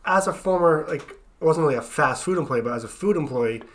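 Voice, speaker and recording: A man's voice: fairly high pitch, animated, a little fast. A young man co-hosting a casual podcast, telling blunt, profane stories. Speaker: podcast co-host. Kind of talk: casual chat.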